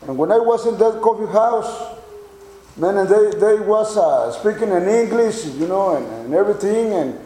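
Older man, Mexican accent, high but mellow voice, halting preacher testimony in an echoey church. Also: a little hiss or hum. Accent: Mexican Spanish. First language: Spanish. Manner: halting, many repeated words and fillers, chuckles.

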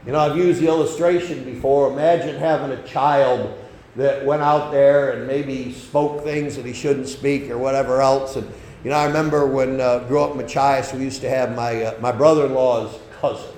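A man preaching a sermon, folksy and conversational, swinging between loud emphasis and soft asides. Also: medium pitch, steady tone, normal speed, roomy sound, a little hiss or hum, poor audio.

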